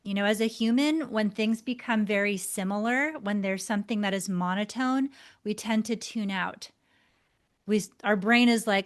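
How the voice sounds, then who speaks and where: A woman teaching a lesson to camera, expressive, shifting her tone and pace for emphasis as she gestures. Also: mid-range voice. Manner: gestures deliberately while talking. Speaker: body language instructor.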